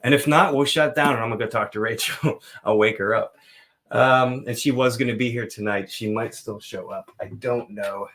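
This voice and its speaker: A man hosting a casual live stream, chatting loosely and reading scripture slowly and dramatically. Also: medium pitch, steady tone, fairly bright tone. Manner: loose, rambling, playful.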